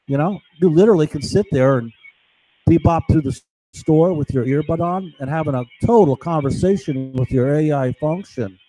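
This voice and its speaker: Man, vlogger, rambling monologue, conspiratorial, somewhat high voice, dry close sound. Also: normal speed, warm tone, no room sound, soft background music, rough recording.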